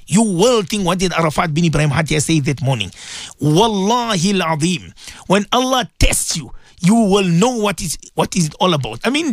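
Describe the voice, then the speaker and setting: A man hosting devotional morning radio, talking fervently and repetitively, rising to high exclamations and dropping to hushed, prayerful tones. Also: dry recording, clean studio sound. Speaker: radio host. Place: radio studio.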